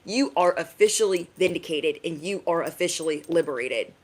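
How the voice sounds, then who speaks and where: A woman with a somewhat low voice talks straight to her viewers through a tarot reading. She is emphatic and sassy, and she keeps checking in with a punchy "okay?". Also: expressive, a little fast. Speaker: tarot reader.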